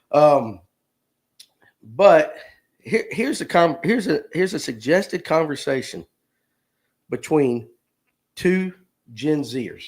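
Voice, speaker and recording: A man's voice: medium pitch, a little mellow. A man, hosting a casual live stream, joking and reading viewer comments aloud. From Georgia, US. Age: 50s. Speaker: livestream host.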